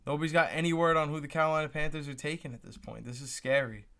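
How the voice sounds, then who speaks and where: A man's voice: on the high side, steady tone, quick pace, sharp tone. A young man streaming live reactions to a sports draft, pleading and exasperated, often repeating himself. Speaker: fantasy football streamer.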